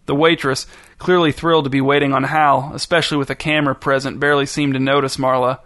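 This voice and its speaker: A man reading a story aloud in a measured, deadpan narration. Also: mid-range voice, dry recording, studio quality. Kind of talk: scripted narration.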